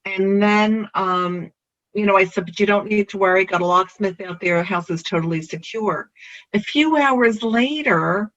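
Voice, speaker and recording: A realtor recounts a personal anecdote with lively storytelling energy, the voice leaping up in pitch whenever a point lands. The middle-pitched voice comes through a dull, lo-fi recording that softens the top end. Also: a little slow. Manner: animated storyteller, pitch jumping with emphasis.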